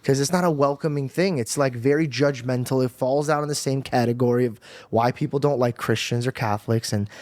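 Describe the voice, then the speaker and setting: A man's voice: mid-range voice, fairly quick, dry recording. A young man telling an emotional personal testimony on a podcast, talking casually with slang. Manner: casual, animated storytelling with slang. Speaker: podcast guest.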